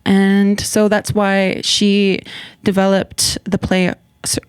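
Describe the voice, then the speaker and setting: A woman's voice: mid-range voice, monotone, slow pace, smooth, no echo. A young adult woman, a hip-hop artist and actor, rapping and half-singing her rhymes in a small radio studio, then chatting casually with laughs and restarts. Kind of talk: live rap performance and casual interview. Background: hip-hop beat under the rap.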